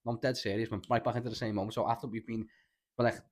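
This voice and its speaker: A man's voice: fairly low pitch, little pitch movement, racing. A man with a Liverpool accent, co-hosting a casual podcast and telling a long story in a rambling way, full of filler words and swearing. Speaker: podcast co-host.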